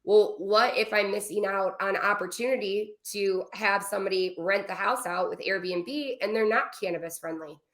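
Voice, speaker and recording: A woman guest on a podcast interview, explaining her business quickly with many asides. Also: medium pitch. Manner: fast, animated explaining with asides. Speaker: guest, travel business owner. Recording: roomy echo.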